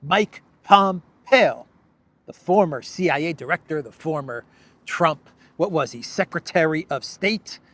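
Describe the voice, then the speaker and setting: Slow, sarcastic male commentary host. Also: fairly high pitch, animated, fairly bright tone, dry recording. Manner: sarcastic, laughing, drawn-out emphasis, playful asides. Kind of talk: casual political commentary.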